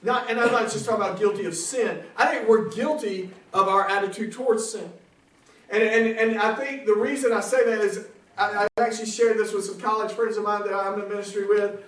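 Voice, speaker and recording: A man from South Carolina with a Southern accent preaching, telling funny stories with laughs and loud bursts. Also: high voice, steady tone, brisk. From South Carolina, USA. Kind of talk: comic storytelling sermon. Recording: echoey hall from far off.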